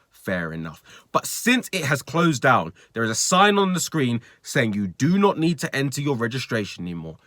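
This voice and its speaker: A man's voice: mid-range voice, fairly bright tone, no echo, studio quality. A young man telling a retail story in an exasperated, sweary rant, quoting customers in mocking voices. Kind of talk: ranting storytime vlog.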